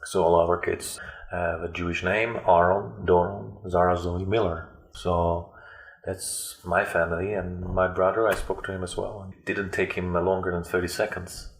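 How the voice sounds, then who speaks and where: Deep, flat-voiced man telling his story. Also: vocal fry, echoey room. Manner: halting, with frequent fillers and restarts. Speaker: interview guest. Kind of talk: personal storytelling.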